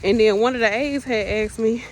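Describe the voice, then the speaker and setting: A woman's voice: a little high, normal speed, darkish tone, a little hiss or hum, low-quality recording. A young woman, an agency nurse, vlogging casually and venting bluntly about her shift with plenty of cursing. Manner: chatty, venting, blunt and profane. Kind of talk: casual vlog storytelling. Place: outdoors in the rain by a street, then in a car.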